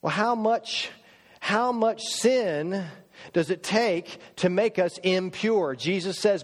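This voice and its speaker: High-voiced preacher in a reverberant church. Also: male voice. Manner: emphatic, with rhetorical questions and slowed words for emphasis. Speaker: pastor. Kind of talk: sermon. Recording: long church hall reverb.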